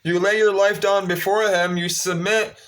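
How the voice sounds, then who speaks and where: A man's voice: high-pitched, level tone, normal speed, a bit bright. A man giving a preachy religious monologue, repeating phrases for emphasis.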